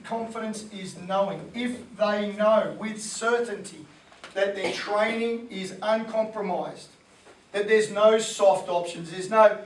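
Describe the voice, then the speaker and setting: A man, a sports coach giving an animated motivational talk to coaches and acting out voices. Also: sits high, slow, roomy sound, recorded from a distance, a little hiss or hum, poor audio.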